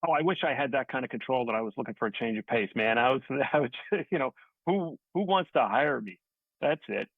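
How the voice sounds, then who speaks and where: A man's voice: medium pitch, animated, brisk, husky, no room sound. A man from Staten Island, New York, a guest actor, telling rambling, self-deprecating stories in a casual interview over a remote call. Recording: tinny phone-like dry audio.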